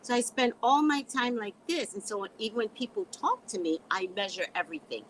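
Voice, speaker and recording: Addressing her viewers as "guys," a middle-aged psychic hosting a live stream laughs and speaks in a blunt, sassy way. She sounds a little high and expressive, going a bit fast, over low-quality audio with slight background noise.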